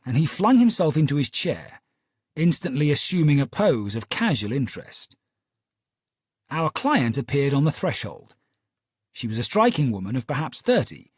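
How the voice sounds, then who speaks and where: A man narrating a story in a measured, expressive way. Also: fairly high pitch, husky, no echo, studio quality. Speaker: audiobook narrator. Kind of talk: scripted narration.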